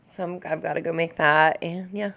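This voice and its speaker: Woman, 30s, live streamer; casual, rambling, heartfelt chat with a clear, smooth voice. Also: deep voice, steady tone, normal speed. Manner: rambling, chatty, full of "like" and "um"; warm and openly emotional toward viewers. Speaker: live streamer answering viewer questions.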